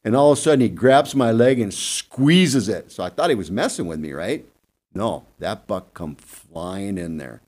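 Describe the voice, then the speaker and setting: A lower-pitched man tells stories in a lively, swooping voice that rises and drops as he acts out little scenes. His talk is casual and energetic, full of asides. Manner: animated, acts out deer and buddies in quick asides. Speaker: guest hunting expert. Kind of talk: casual storytelling on a podcast panel.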